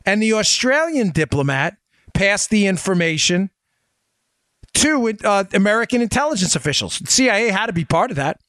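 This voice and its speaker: A man's voice: high voice, big pitch swings, a bit bright, no room sound, studio quality. Emphatic male political podcast host. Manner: emphatic, rapid rhetorical questions to listeners. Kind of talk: political commentary monologue.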